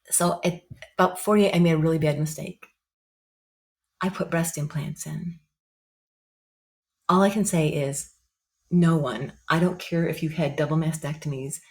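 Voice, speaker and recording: A woman in her fifties, a podcast guest, telling a personal story in an animated way, repeating phrases for emphasis and acting out other people's lines. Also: fairly low pitch. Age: 50s.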